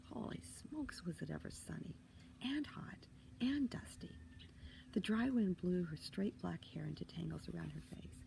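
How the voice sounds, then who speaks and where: A woman author reading a children's chapter book aloud, expressive with hushed asides. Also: lowish voice, vocal fry, a little hiss or hum, rough recording. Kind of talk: storybook reading.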